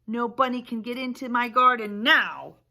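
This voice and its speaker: Woman reading grumpy old farmer man, huffy, gloating, bright storybook voice. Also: on the high side, moderate pace.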